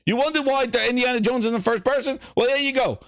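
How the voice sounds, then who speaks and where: Man, gaming show host, profane mocking commentary, dry close sound, very high lively voice. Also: quick pace, no echo. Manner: profane, mocking, rambling riff. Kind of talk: casual reaction commentary.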